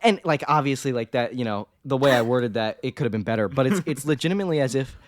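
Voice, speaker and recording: A man's voice: medium pitch, fast talker, no room sound. A young man co-hosting a movie review show, chatting casually and animatedly about a film's flaws. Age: young adult. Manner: animated, jokey, talks over others. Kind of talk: casual chat.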